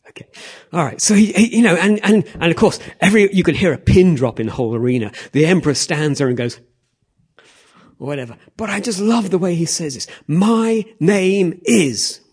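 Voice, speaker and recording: Husky man preaching with many checks. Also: on the high side, brisk. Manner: animated, repeats "okay? all right?" to the audience. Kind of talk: sermon.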